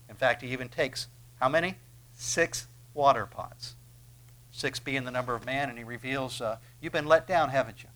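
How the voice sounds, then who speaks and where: A man's voice: mid-range voice, a bit bright. Man preaching a conversational sermon. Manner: conversational, acts out quoted voices, asks the listeners questions.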